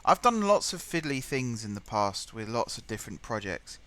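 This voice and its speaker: A man's voice: medium pitch, big pitch swings, moderate pace, fairly bright tone. A man streaming live, muttering and thinking aloud as he plays, and easily exasperated. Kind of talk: live gameplay commentary.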